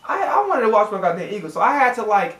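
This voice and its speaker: A man ranting profanely as a sports reaction vlogger, exasperated and swinging his pitch up and down as he talks. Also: sing-song, fast talker, a bit bright, reverberant.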